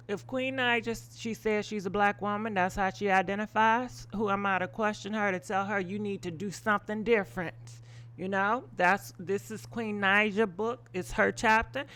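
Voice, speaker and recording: Woman doing live gossip commentary, blunt and mouthy, lots of ums and side tangents, mid-pitched voice. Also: moderate pace, fairly bright tone. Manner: blunt, opinionated, swears casually; rambling with frequent ums and asides. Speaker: gossip show host.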